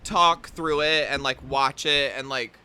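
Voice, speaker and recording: A man's voice: mid-range voice, steady tone, a little slow, pushed and bright, smooth. A male podcast host chatting casually and expressively, often laughing. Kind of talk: casual chat.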